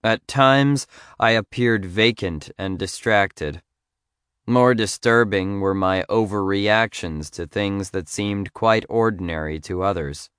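A man narrating a memoir audiobook in a measured, earnest way on a close studio mic. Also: fairly low pitch, fairly bright tone, clear, resonant tone, no echo.

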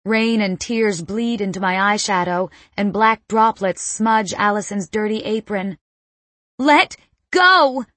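A woman's voice: mid-range voice, fairly even intonation, unhurried, few pauses, a bit bright, dry recording. A woman narrating a first-person audiobook with tense, dramatic storytelling.

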